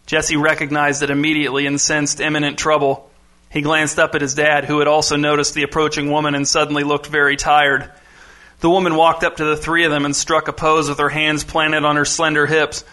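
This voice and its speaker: A man narrating a novel in an even, measured reading. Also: a little high. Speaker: audiobook narrator. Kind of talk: scripted narration.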